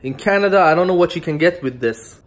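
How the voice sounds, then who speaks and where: A man's voice: fairly high pitch, animated, quick pace. A young man from Iran, talking to camera in a loose, rambling vlog and often laughing. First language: Farsi. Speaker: vlogger. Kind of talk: casual rambling monologue to camera.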